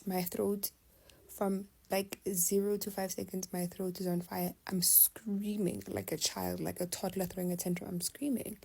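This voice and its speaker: A woman's voice: mid-range voice, normal speed, creaky, slightly rough, rough recording. A young adult woman, telling a personal story in casual storytime style, often dropping to a half-whisper. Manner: confiding, animated retelling, often half-whispered.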